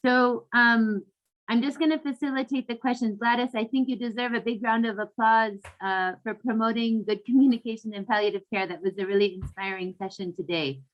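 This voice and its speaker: A woman's voice: fairly high pitch, fairly even intonation, a little fast. A woman facilitating questions in an online session, friendly and upbeat. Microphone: video call. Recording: dull lo-fi video call audio.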